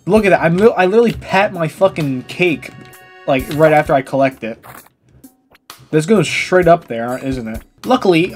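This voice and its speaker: A woman's voice: sits low, darkish tone. A woman giving gameplay commentary in a crude, joking, self-mocking way. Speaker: gaming video creator.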